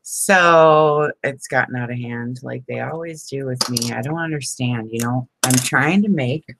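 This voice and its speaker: A woman's voice: rumbling low, unhurried, creaky, background noise. A middle-aged woman chatting casually on a crafting live stream, rambling and laughing often. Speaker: crafting vlogger.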